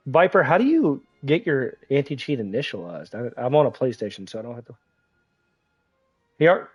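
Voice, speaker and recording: A man streaming a game, talking casually in a profane, excitable, teasing way, with congested sinuses. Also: medium pitch, slightly rough, no room sound, dull audio. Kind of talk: casual gaming livestream commentary.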